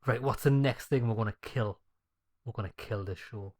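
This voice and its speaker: A man's voice: medium pitch, normal speed. A man hosting a gaming video, giving blunt, mocking and sweary commentary as he plays. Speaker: gaming channel host.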